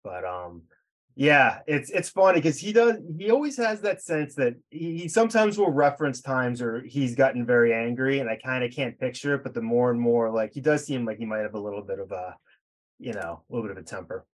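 A man's voice: mid-range voice, expressive, a little fast. A man hosting a podcast, chatting in an easygoing way with chuckling asides. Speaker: podcast host. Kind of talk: casual podcast chat.

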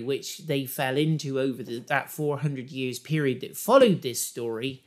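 A preacher giving a sermon and reading scripture, chatty with humorous asides and building to excited emphasis. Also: male voice, medium pitch, moderate pace, few pauses. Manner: enthusiastic, rising to excited emphasis.

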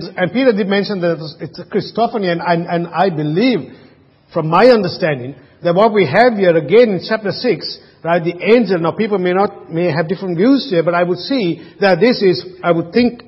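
A man's voice: high-pitched, moderate pace, slightly rough. A man preaching a sermon, earnest, asking rhetorical questions and often restarting his sentences. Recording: muffled, reverberant hall.

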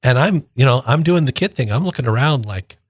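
An older man, a deacon in his sixties, tells a personal story on the radio in a warm-paced conversational way and acts out what people said. His voice sits at an ordinary middle pitch. The studio sound is close and dry, with no room echo. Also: a little fast. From northern Minnesota. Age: 60s. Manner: conversational, animated retelling with acted-out quotes.

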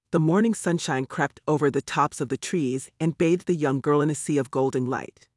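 Male narrator, slightly high, dry close sound, measured storytelling. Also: a little mellow, no room sound. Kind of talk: audiobook narration.

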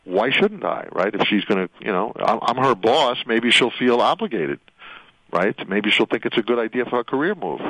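Speaking a little fast with lively intonation, this medium-pitched man has a fairly bright tone with a breathy edge, recorded dry. As an attorney hosting a radio interview, he walks his guest through her story with meandering leading questions that tend to close on "right?", all in dull radio sound.

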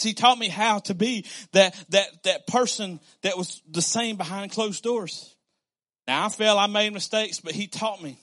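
A male pastor delivers a lively sermon from a pulpit, talking to the congregation as if chatting. His voice sits high for a man and rings bright and forceful. He repeats himself for emphasis and slips into little acted-out quotes. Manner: conversational, animated preaching with repetitions and acted-out quotes.

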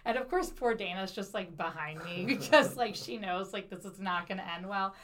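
A young adult woman hosting a podcast tells a funny story in casual conversation, using a mid-range voice at normal speed. She animatedly acts out what people said and swears freely. She laughs mid-sentence as she goes.

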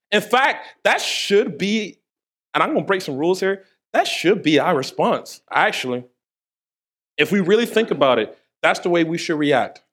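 A man's voice: high-pitched, slightly rough. A man preaching a sermon in a conversational way, with playful asides to the congregation. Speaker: pastor.

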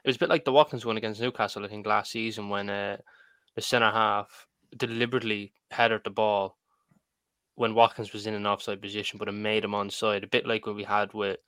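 A man's voice: lowish voice, little pitch movement, a little fast, a bit bright, clear, resonant tone, no room sound. A man on a football podcast panel, explaining an incident at length. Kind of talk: casual podcast chat.

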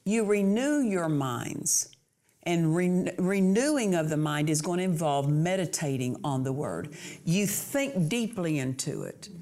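A woman's voice: lowish voice, very animated, a little slow, dark tone. A woman preaching a sermon, earnest and emphatic, repeating key phrases for emphasis.

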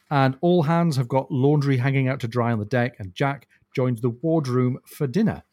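A man talking through a book with a co-host in a relaxed, explanatory way, now and then breaking into a chuckle. His voice sits at a middle pitch and comes across close and dry, with no room sound around it. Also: no room sound. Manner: thoughtful, explanatory, chuckles often. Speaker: podcast co-host. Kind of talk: casual book discussion.

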